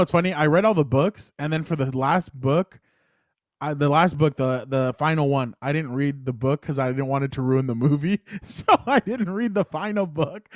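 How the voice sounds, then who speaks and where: A man co-hosting a casual sports podcast, telling stories in an animated way and laughing easily, recorded on a close podcast mic. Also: fairly high pitch, no echo. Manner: animated storyteller, quick to laugh. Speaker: podcast co-host.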